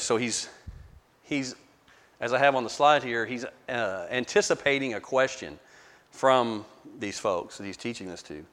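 A man's voice: mid-range voice, a little slow, a bit bright, long reverb tail. Man leading a casual Bible study. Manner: conversational, repeats words, asks the group questions. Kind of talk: verse-by-verse Bible study teaching.

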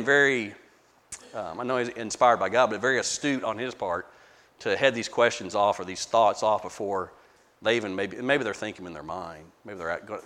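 A man reads scripture aloud and then teaches it verse by verse. He speaks at a middle pitch in a loose, conversational way, often repeating words and pausing to ask the group questions. His voice carries a long reverb from a large hall. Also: fairly bright tone. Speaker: Bible study teacher. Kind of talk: verse-by-verse Bible study teaching.

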